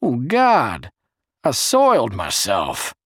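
A man reading a story, voicing a crude, sour young man who talks loud and coarse. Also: mid-range voice, huge pitch swings, slow pace, breathy edge, no room sound, clean studio sound, pitched above the performer's own voice, exaggerated voice. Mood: rattled.

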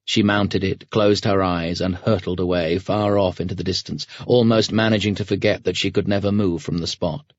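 A man narrating an audiobook in a measured, grave storytelling manner. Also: deep voice, steady tone, no echo, highs cut off. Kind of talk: scripted narration.

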